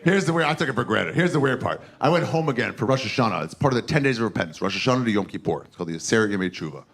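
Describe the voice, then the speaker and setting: A man's voice: medium pitch, lively intonation, rapid-fire, gravelly, fairly bright tone. A man hosting a podcast sign-off and then telling a crude, rambling stand-up story. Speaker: podcast host and comedian.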